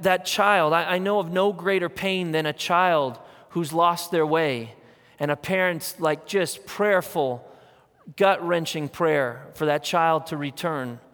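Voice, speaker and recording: A male pastor delivers a sermon in a conversational, earnest way. His voice sits a little higher than most men's. He drives his points home with repeated phrases, and his words ring out with the long reverb of a large church sanctuary. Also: fairly bright tone. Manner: earnest, conversational storytelling with emphatic repetition.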